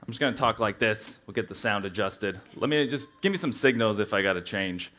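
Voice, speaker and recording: A man in his thirties with a bright, forward voice talks from the pulpit in a loose, chatty way, leaning on fillers and poking fun at himself. His nerves show as he rambles toward his sermon. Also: on the low side, expressive, fairly quick. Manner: chatty, rambling, self-deprecating, many "like" fillers. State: nervous. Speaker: church speaker. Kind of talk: casual sermon opening. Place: church sanctuary.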